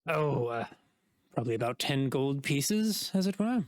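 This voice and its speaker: A man voicing a flustered, pompous well-to-do gentleman who has been robbed. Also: mid-range voice, animated, unhurried, no echo, studio quality, lightly acted. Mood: fussy.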